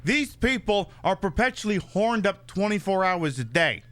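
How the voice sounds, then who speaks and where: A man with a high, bright voice chats through a game stream. He swings his pitch widely and keeps a sarcastic, cursing edge throughout. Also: normal speed. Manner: sarcastic, profane and animated. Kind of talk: casual live-stream chat.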